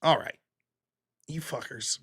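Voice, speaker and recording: A man's voice: fairly high pitch, slow, breathy edge. A man hosting a live stream, ranting bluntly with frequent swearing and reading out viewer donations. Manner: blunt, profane, animated ranting. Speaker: livestream host. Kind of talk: casual livestream chat.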